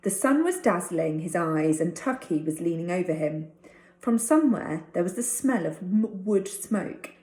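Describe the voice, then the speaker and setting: Lady teacher reading a chapter to her class, steady storytelling voice, echoey room. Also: mid-range voice, unhurried. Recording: roomy echo.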